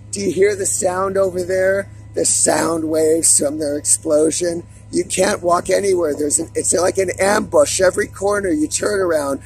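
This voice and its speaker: A man vlogging an agitated, profanity-laden monologue to camera in a raspy voice. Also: high voice, a little mellow, poor audio.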